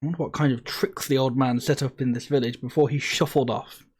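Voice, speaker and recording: A man's voice: mid-range voice, steady tone, brisk, a little mellow, breathy edge, close to an everyday voice. A man reading the lines of a smug, scheming male villain in a puzzle game, in a gloating, mocking manner.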